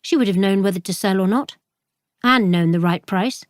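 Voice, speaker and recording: A sharp, wary young bookshop owner, read by a woman narrator, polite on the surface and guarded underneath. Her voice sounds dry and close. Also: mid-range voice, moderate pace, dry recording, lightly acted.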